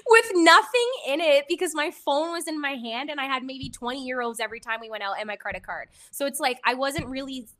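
A young woman hosting a podcast, telling a travel story in casual chat, animated and swearing freely. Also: high voice, fairly quick, hardly any pauses. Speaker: podcast host.

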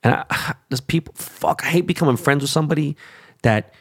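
A man's voice: a little high, fairly quick, gravelly, a bit bright, slightly rough. A man ranting casually to his viewers about crypto and sports teams, rambling, hyped and full of swearing. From Korean descent stated, not origin. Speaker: vlogger. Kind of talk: casual rant to camera.

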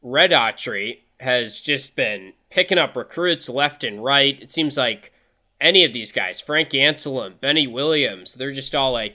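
A man's voice: medium pitch, animated, a little slow, sharp tone. A man hosting a casual sports podcast, talking in an upbeat, conversational way and thinking aloud with restarts. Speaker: podcast host.

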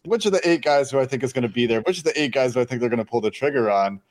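A man co-hosts a sports podcast in relaxed chat, working through his reasoning out loud. He strings ideas into long lists and often restarts a phrase mid-thought. His voice sits at a plain middle pitch. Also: racing. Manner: analytical, long run-on lists, frequent restarts. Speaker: podcast co-host.

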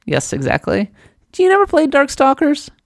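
A woman from Minnesota co-hosting a casual podcast, reading out a listener letter with lively enthusiasm. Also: high voice, moderate pace, vocal fry, no room sound, clean studio sound. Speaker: podcast co-host.

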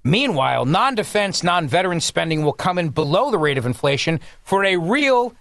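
A man's voice: on the high side, sing-song, normal speed, creaky, a bit bright, no echo, clean studio sound. A man filling in as a talk radio host, delivering a sarcastic, mocking political monologue.

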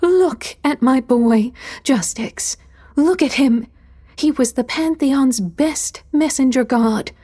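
A woman voicing a vengeful, airy sylph mother with a breathy, whispery, sing-song voice in an audio drama, in the style of a whispered role-play. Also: fairly high pitch, expressive, slow pace, mellow, full character voice. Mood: doting pride. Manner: sing-song, doting yet spiteful.

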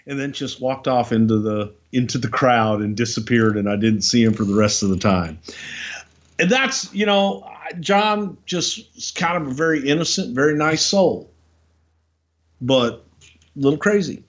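A man's voice: medium pitch, animated, a bit bright. An older man chats casually on a podcast, his stories wandering and stopping for fillers and restarts. His voice sits in a middle range. The recording sounds a little dull and lo-fi. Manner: rambling, halting with fillers and restarts. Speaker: podcast co-host, former wrestling executive. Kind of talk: casual storytelling chat.

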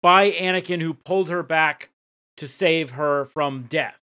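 A man's voice: fairly high pitch, unhurried, sharp tone, clear, resonant tone. A man co-hosting a podcast who cuts in emphatically during a casual recap. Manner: interjecting, emphatic. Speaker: podcast co-host.

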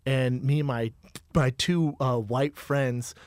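A young man from Colorado telling a story in a casual chat, animated and profane, acting out the other people's lines. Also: medium pitch, slow pace, clear, resonant tone, dry recording, clean studio sound.

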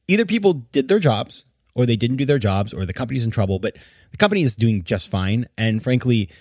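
A man's voice: medium pitch, no room sound, studio quality. A man hosting a podcast, giving an indignant, emphatic opinion monologue with bursts of incredulous laughter. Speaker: podcast host.

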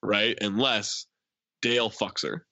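A man's voice: on the low side, slow pace, dry recording. A man in casual chat retelling a comedy film scene by scene, acting out the lines and laughing a lot. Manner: animated, laughs often, acts out quotes. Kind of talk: casual movie recap chat.

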